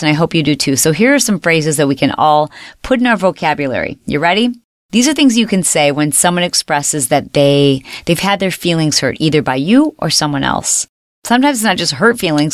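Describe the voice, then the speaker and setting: A woman's voice: fairly low pitch, no room sound, clean studio sound. A woman hosting a self-help podcast, coaching listeners and repeating example phrases aloud. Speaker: podcast host.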